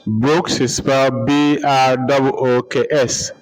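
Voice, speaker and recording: A man giving a lecture, slowly repeating names and spelling them out letter by letter for note-taking. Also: medium pitch, level tone, rough recording. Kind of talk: slow dictation-style lecture.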